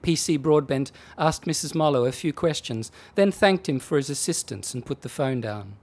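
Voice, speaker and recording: A man's voice: medium pitch, expressive, moderate pace, darkish tone. Man reading a comic story expressively.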